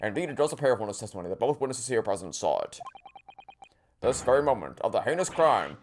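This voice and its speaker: A man voicing a stately, genial older judge, reading his lines with formal, lively delivery. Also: lowish voice, fast, soft background music.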